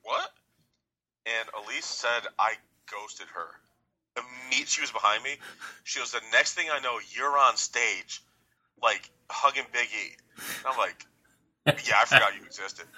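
A man, co-hosting a podcast and telling a story in an excited way. He acts out what people said and laughs often. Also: mid-range voice, poor audio. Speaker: podcast co-host. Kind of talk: casual chat.

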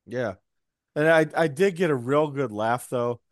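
A man of middle pitch talking on a casual podcast in a wry, teasing way, dropping mocking asides. The recording is dry and close, with no room sound. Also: dry recording. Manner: wry, mocking asides with quick put-on voices. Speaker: podcast co-host. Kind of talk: casual wrestling podcast chat.

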